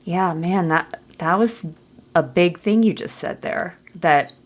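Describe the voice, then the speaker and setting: Chatty woman podcast host, lowish voice. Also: slow. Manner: chatty, laughs often, many fillers. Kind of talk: podcast interview.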